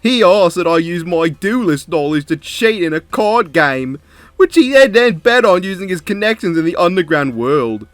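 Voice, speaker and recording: Joey Wheeler, a man doing a loud theatrical teen duelist. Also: high-pitched, animated, moderate pace, no echo, soft background music, voice pushed up. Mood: dramatic. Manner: put-on accent, loud and theatrical. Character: teenage male card duelist confessing on tape.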